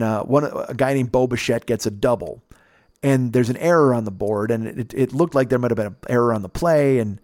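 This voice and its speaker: A man telling a casual, profane story on a podcast, jumping up in pitch to mimic the people in it. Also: dry recording, studio quality. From United States. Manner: animated, profane, mimics others with pitch jumps. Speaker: podcast host.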